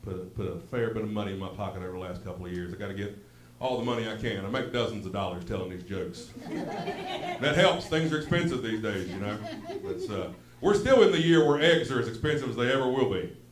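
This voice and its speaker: A man with a thick Southern West Virginia accent tells self-deprecating jokes in a drawling, storytelling way. He speaks into a handheld mic on a comedy club stage. The room is echoey, and a steady noise runs under his voice. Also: fairly low pitch, brisk. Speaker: stand-up comedian. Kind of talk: stand-up comedy set.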